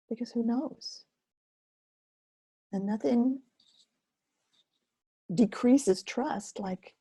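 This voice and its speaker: An older woman hosting a self-care webinar, speaking softly and slowly in a soothing way and sometimes dropping to a whisper. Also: mid-range voice, vocal fry, breathy edge. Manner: soft, slow and soothing, drops to a whisper. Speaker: webinar host and Focusing teacher.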